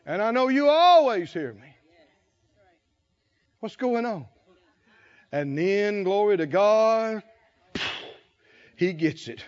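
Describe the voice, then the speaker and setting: A man with a very high voice preaches a sermon, drawing out his words slowly and building to fervent shouted lines. The recording is dull and lo-fi, like an old church tape. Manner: storytelling with rising fervor and shouted lines. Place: church conference hall.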